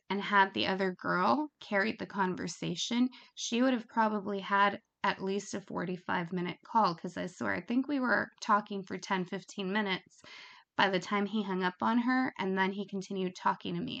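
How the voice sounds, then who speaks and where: A woman's voice: mid-range voice, gravelly, fairly bright tone. A woman giving frank, chatty tips on phone work in a casual instructional talk. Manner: frank, chatty, laughs at her own examples. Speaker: phone sex operator coach.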